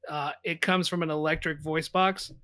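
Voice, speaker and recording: A man at a tabletop game lays out his character's moves in a bright, slightly high voice. He narrates deliberately, pausing to choose his words. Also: steady tone. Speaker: player. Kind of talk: describing his character's actions.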